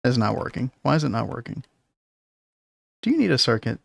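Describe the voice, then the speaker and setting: A man's voice: medium pitch, very animated, brisk, vocal fry, slightly rough, no room sound, studio quality. A man hosting a casual game stream, thinking aloud and chuckling often.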